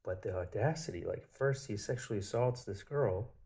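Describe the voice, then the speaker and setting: A man's voice: on the low side, moderate pace, dark tone. A man telling stories in a rambling, casual monologue, swearing freely. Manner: rambling, profane storytelling.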